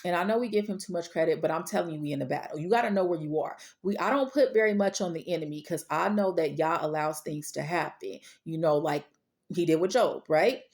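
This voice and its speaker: Woman, low gravelly voice, earnest faith testimony, repeats lines. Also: a little fast, a little mellow. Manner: earnest storytelling, repeats phrases. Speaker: faith vlogger sharing testimony. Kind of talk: personal testimony, casual preaching.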